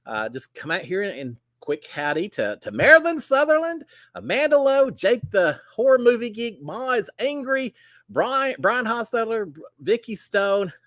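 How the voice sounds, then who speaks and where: A man's voice: sits high, very animated, moderate pace, a bit bright, dry recording. A man hosting a casual live stream, folksy and chatty, greeting viewers by name. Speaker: livestream host.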